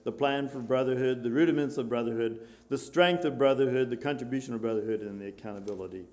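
A man preaching a sermon, switching between loud exclamations and quiet, hushed storytelling, with many questions put to his listeners. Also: mid-range voice, fast. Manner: rhetorical questions to the congregation.

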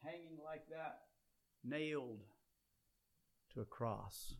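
Emphatic preacher, man with a higher voice. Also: slow pace. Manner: swings from loud emphatic peaks to low quiet passages. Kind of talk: sermon.

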